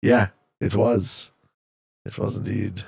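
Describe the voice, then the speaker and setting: Jokey gravelly male streamer chatting. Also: lowish voice, fairly even intonation, slow, darkish tone. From Canada. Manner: jokey, reads viewer chat aloud and answers. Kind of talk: casual live-stream chat while gaming.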